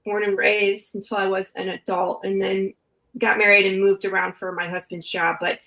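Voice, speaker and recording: A woman's voice: medium pitch, level tone, normal speed, creaky, bright, forceful tone, rough recording. Chatty Midwestern woman hosting. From Michigan. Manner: chatty, laughs often. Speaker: podcast host. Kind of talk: casual chat.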